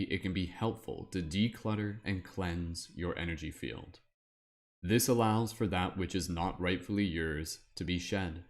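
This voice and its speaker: A man putting on a wizard voice, reading aloud from a guidebook in a slow, measured, solemn way. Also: low voice.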